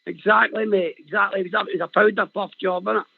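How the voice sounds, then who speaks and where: Gravelly Scottish caller on a tinny phone line. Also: male voice, high-pitched, quick pace, no echo. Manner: animated, rambling, laughs often, says "man" and "mate". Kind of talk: casual chat on a call-in show.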